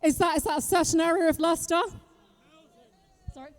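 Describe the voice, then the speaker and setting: British woman activist, very high voice, rousing rally speech, reverberant outdoor recording. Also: fairly even intonation, brisk. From Britain. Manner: rousing, rhetorical questions to the crowd, bursts of shouting. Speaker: street activist speaking at a rally. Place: outdoor public square at a rally.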